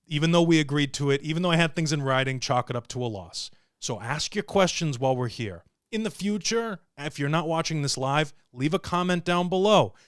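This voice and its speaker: A man's voice: on the high side, smooth, no echo, clean studio sound. A man hosting a livestream and telling a story with jokes, swearing and acted-out voices. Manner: animated, profane, joking. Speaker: show host.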